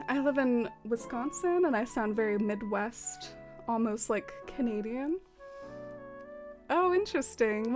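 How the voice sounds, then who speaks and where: A fairly high-voiced American woman chats loosely with her viewers while she plays, laughing often and filling her sentences with little fillers. Faint music plays underneath her talk. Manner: chatty, giggly, lots of fillers. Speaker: streamer. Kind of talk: casual chat reading out chat messages.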